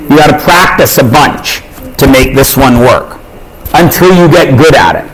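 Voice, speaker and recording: A man's voice: mid-range voice, moderate pace, crowd noise, low-quality recording. A man teaching a math class in a casual way, often checking in with the students. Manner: informal, checks in with tag questions. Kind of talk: classroom lecture.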